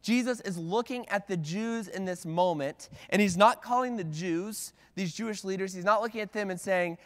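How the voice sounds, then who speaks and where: A man's voice: high-pitched, moderate pace, hardly any pauses. A man preaching a sermon from the pulpit in a conversational way, with frequent "like"s and restarts. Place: church sanctuary at the pulpit. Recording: long reverb of a church hall.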